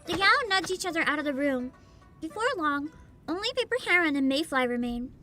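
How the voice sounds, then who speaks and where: A woman's voice: high voice, expressive, brisk. A woman streaming a game, reading its text aloud and chatting casually with wry remarks. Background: game music.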